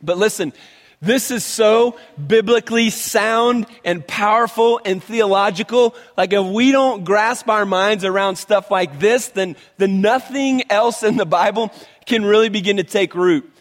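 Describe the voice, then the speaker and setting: A male pastor preaching a sermon in an animated, conversational way, often restarting his phrases. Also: high-pitched, unhurried, in a large hall.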